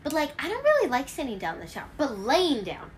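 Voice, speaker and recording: This host talks fast in a high voice, spinning rambling, filler-laden stories with animation during a casual at-home chat. A little hiss or hum runs through the audio.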